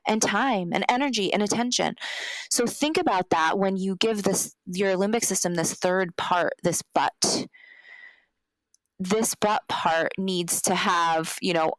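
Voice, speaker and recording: A woman's voice: on the low side, dry recording, rough recording. A woman podcast guest working as a wellness coach, explaining in a casual, earnest way with frequent ums and likes. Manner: earnest, repeats words, many ums and likes.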